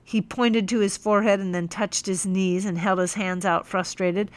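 A young woman narrating a first-person audiobook in a measured, firm, teacherly way. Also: mid-range voice, steady tone, dry recording. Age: young adult.

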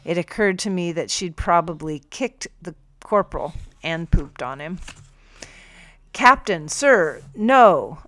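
Woman calmly narrating an audiobook. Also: lowish voice, no echo. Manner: calm, measured storytelling. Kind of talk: first-person audiobook narration.

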